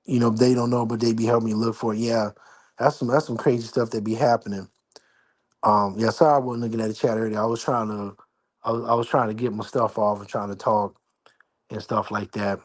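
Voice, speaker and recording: A man's voice: on the low side, level tone, brisk. A man chatting casually on a livestream from his apartment, rambling and slangy while keeping his voice down. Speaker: livestream host. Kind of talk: casual live-stream chat. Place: at home, apartment.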